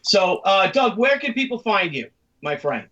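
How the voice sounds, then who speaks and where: A man co-hosting a podcast in loose chat, his voice pitched high and a little distant from the mic. He rambles through stories and acts out the voices of people he quotes. The recording sounds muffled and lo-fi. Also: big pitch swings, moderate pace, bright, forceful tone. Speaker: podcast co-host. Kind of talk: casual chat.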